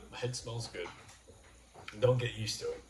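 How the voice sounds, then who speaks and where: A man's voice: medium pitch, huge pitch swings, darkish tone. Rambling man in a roomy room. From New York. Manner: rambling, halting, full of restarts. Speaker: livestream host. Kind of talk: casual livestream chat. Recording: roomy room with faint noise.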